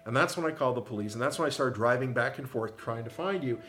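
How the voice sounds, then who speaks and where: A middle-aged man with a mid-pitched voice tells his side of the story in an earnest, explaining way. Faint music sits behind him. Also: quick pace, a bit bright. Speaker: her husband, co-guest. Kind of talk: defensive storytelling.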